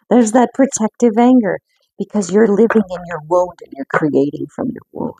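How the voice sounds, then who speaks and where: A woman giving an intuitive card reading in an earnest, reflective way, with frequent pauses. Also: mid-range voice, animated, creaky, mellow, slightly rough, no echo. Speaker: spiritual card reader.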